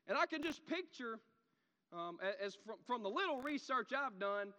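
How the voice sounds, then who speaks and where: A man preaching a sermon, animated, swinging from loud shouts to quiet asides. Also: extremely high pitch, normal speed, in a large hall.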